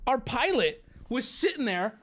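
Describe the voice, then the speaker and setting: A man's voice: extremely high pitch, a little slow. A young man hosting a livestream, rambling through stories in a casual, profane way. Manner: rambling, profane, animated storytelling. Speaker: streamer host.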